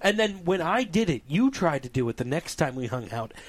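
A young American man chatting casually, animated and joking as he tells a story. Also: a little high. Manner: animated, storytelling, quick to joke. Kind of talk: casual podcast banter.

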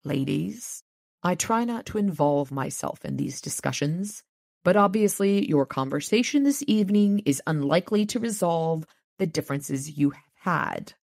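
A woman reading a calm, firm father. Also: lowish voice, vocal fry, no echo, clean studio sound. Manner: measured, gentle but firm.

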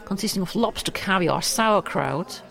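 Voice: medium pitch, expressive, moderate pace, gravelly, fairly bright tone. A podcast co-host, chatting casually in a teasing manner. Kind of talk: casual chat.

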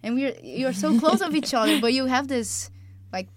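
A woman's voice: high-pitched, expressive, normal speed, no room sound. Young Brazilian woman, English. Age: young adult. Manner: eager, non-native phrasing, restarts. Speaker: guest, student athlete. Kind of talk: casual interview chat.

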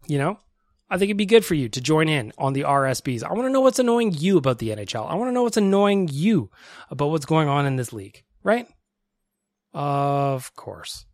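A male podcast host with a slightly high voice rants and jokes in a loose, self-mocking way. He is close on a dry-sounding mic. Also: a little fast, no room sound. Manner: energetic, joking, self-mocking. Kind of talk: casual sports podcast rant and ad reads.

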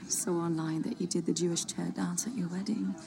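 An actress playing a snide, condescending socialite who mocks a newcomer in a film clip. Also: female voice, on the low side, steady tone, a little fast, vocal fry, noisy background. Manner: catty, mocking.

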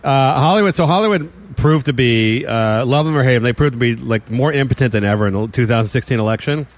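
A man talking quickly in loose, jokey banter, full of fillers and asides. His pitch sits in the middle and he rambles from one point to the next. He laughs at his own jokes. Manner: fast, rambling, joking with frequent laughs and fillers. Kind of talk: casual podcast banter.

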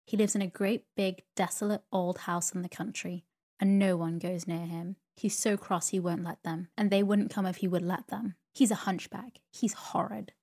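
A woman's voice: mid-range voice, fairly even intonation, normal speed, mellow, natural voice. A woman doing a scornful little boy. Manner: taunting, boastful. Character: scornful seven-year-old boy, teasing.

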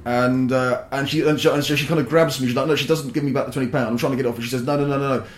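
A man's voice: mid-range voice, racing. Sweary young man telling a story. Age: young adult. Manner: sweary, rambling, animated. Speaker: podcast guest. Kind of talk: casual storytelling. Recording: roomy echo.

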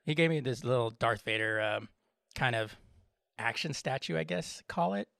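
A man co-hosting a podcast in casual chat, relaxed, laughing often and swearing freely. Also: medium pitch, normal speed, vocal fry, no room sound, clean studio sound. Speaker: podcast co-host.

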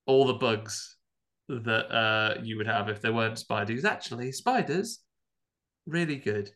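A man chatting casually on a podcast, his voice bright and forward at an ordinary pitch. He retells the film with animated energy and drops swear words freely. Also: measured pace. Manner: animated, swears, acts out characters. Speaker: podcast co-host. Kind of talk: casual chat recapping a film.

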